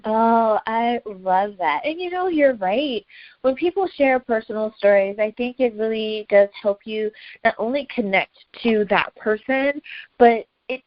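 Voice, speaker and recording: A woman's voice: a little high, no room sound. A woman hosting an interview, enthusiastically affirming answers and asking long, rambling questions. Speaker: podcast host. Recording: dry muffled lo-fi audio.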